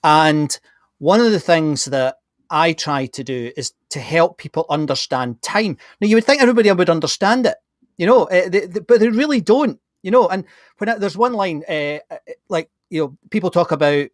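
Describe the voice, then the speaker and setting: Blunt, animated man. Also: a little high, normal speed, no room sound, studio quality. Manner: animated, blunt, many restarts. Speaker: podcast host. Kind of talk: casual conversation.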